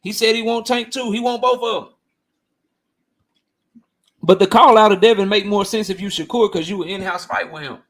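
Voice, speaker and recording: A man's voice: high voice, fairly even intonation, moderate pace, long pauses, fairly bright tone. A man hosting a boxing livestream and reading chat, talking bluntly and profanely, heated and repeating himself. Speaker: boxing channel host.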